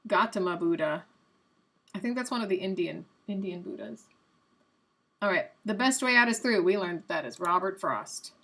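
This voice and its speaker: A young adult woman hosting a live stream, chatting casually and guessing out loud while she plays a quiz game, a little self-mocking. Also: medium pitch, lively intonation, moderate pace.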